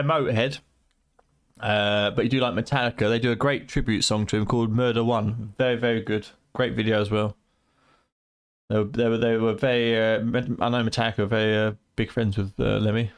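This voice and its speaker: British male streamer, late-night banter, tired voice that is starting to go, cheeky and sweary, middling pitch. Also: steady tone, a little fast. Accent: British English. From United Kingdom. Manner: banterous, swearing, teasing chat viewers. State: tired, voice going. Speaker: game streamer.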